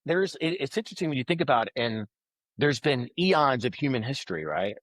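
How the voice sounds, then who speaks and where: A man tells a story in casual conversation, with an ordinary mid-range pitch and lively delivery. He slips into the voices of the people he quotes. The sound is dry and close, with no room echo. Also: fairly quick. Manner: animated storyteller who acts out quoted voices. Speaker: podcast guest, author.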